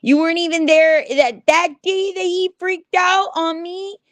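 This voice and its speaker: A woman chatting casually on a livestream, animated and swearing freely as she talks back to her chat. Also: very high voice, measured pace, dry recording. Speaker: livestream host.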